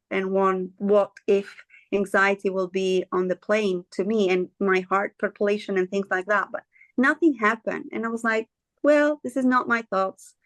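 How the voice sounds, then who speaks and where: Woman, interview guest; earnest, halting delivery, searches for words; dry, close sound. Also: medium pitch, fairly bright tone, no echo. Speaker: guest sharing her story. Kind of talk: candid conversational interview.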